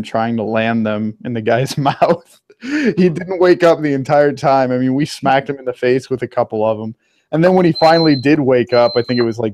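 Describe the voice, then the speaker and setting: A man's voice: medium pitch, darkish tone, dry recording. A young man in casual chat, joking wryly about college classmates and swearing casually. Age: young adult.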